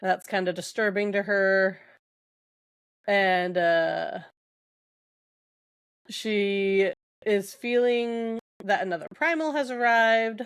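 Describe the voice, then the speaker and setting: A woman's voice: medium pitch, takes it slowly, long pauses, clean tone, dry recording. A young adult woman co-hosting a podcast, retelling book scenes casually with quoted dialogue and lots of fillers. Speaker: podcast co-host.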